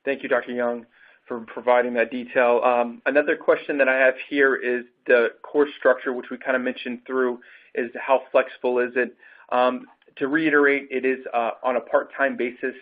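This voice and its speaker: A man runs the question section of an online program webinar, reading questions aloud and pausing on many fillers. His pitch is middling and the line is narrow and phone-like. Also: flat delivery. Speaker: enrollment advisor hosting Q&A.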